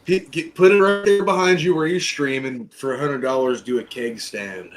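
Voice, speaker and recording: A man's voice: mid-range voice, normal speed, music in the background. A man co-hosting a casual livestream chat, teasing and egging the others on.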